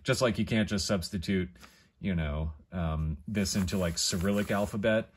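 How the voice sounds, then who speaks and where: A man teaching an alphabet in a casual, rambling way, pausing and correcting himself often as he thinks aloud. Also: deep voice, slight background noise. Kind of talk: casual explanatory lesson.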